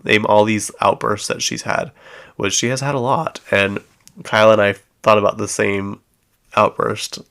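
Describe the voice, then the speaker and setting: Chatty man with a gravelly low voice. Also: little pitch movement, normal speed, fairly bright tone. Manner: chatty, acts out quoted lines, frequent fillers. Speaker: podcast host. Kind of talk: casual gossip recap.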